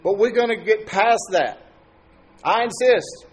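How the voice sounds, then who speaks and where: A man's voice: high-pitched, a little slow. A man preaching a sermon as pastor, talking to his congregation in a conversational way and asking them questions.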